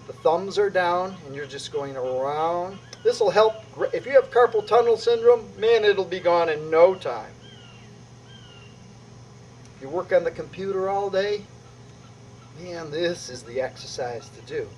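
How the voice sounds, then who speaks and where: A middle-aged man with a fairly high voice leads qi gong exercises step by step. He talks with energy, punching out each strike with a loud "boom". Faint noise hums behind him. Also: moderate pace, low-quality recording. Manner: energetic, emphatic, punctuating moves with "boom". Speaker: qi gong instructor. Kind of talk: demonstrating exercises on video.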